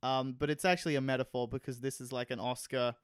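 Man, podcast co-host, loose rambling banter with swearing, smooth clear voice, dry close sound. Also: medium pitch, little pitch movement, quick pace, dry recording. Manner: rambling, swears casually, jokey. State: hot and sweaty. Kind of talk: casual chat.

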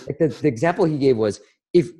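A man in his thirties hosting a casual chat, animated, acting out stories in a raised voice. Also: medium pitch, fast talker. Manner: animated, acts out quotes in a raised voice. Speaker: podcast host.

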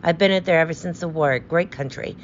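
Woman doing a young army guy, easygoing short answers, low voice, bit of hiss. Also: brisk, highs cut off, lightly acted. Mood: offhand. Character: young male soldier back from abroad, plain and obliging.

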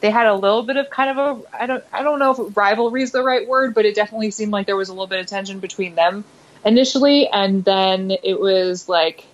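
A woman's voice: mid-range voice, quick pace. Female podcast guest, chatty and meandering, slightly muffled remote audio. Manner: rambling, thinks aloud with "like" and "um". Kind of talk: casual podcast discussion. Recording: dull lo-fi audio.

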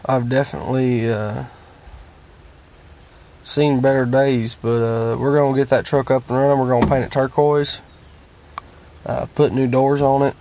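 This worn-out, tired vlogger, seated at home, rambles to his viewers in a casual, profane monologue, drawling his way through filler-heavy stories. His medium-pitched voice is warm and level, at normal speed with frequent pauses, and a little hiss or hum can be heard.

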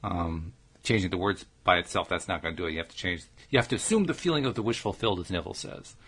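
A man's voice: sits low, expressive, fast talker, a bit bright, husky. A man co-hosting a casual talk show, asking probing coaching questions and often restarting his sentences. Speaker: podcast co-host.

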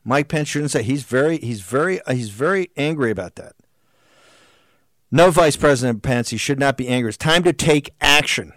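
A man hosting a political talk show, delivering a heated, combative monologue full of rapid-fire rhetorical questions. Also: medium pitch, expressive, fairly bright tone, no echo, studio quality.

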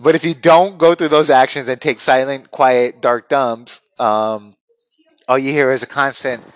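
A man's voice: medium pitch, fairly even intonation, unhurried, no echo. A man telling a crude comic story, acting out other people's voices with big jumps.

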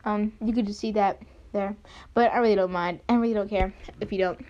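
A woman's voice: medium pitch, steady tone, brisk, darkish tone. A young woman hosting a casual solo podcast, rambling with many fillers and restarts. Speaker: podcast host. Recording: dull lo-fi home recording.

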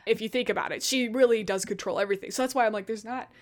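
A woman's voice: fairly high pitch, rapid-fire. A woman chatting casually about a story, animatedly acting out the characters' lines. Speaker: co-host discussing a story. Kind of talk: casual chat.

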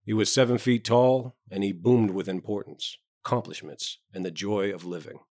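A man narrating a story in a measured, even way. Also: on the low side, no room sound, clean studio sound.

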